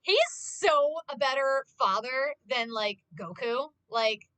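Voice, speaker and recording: Young woman rambling to her stream, tons of "like", crisp bright voice. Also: high voice, animated, no room sound. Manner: gushing, fast, filled with "like". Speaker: livestreamer. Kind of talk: casual chat to stream viewers.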